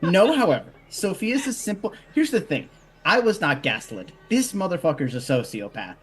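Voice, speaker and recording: A man's voice: high-pitched, very animated, moderate pace, loud music behind the voice, low-quality recording. A man who plays in a tabletop game, chatting casually after the session, rambling and swearing with frequent restarts. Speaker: player. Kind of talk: casual post-session chat.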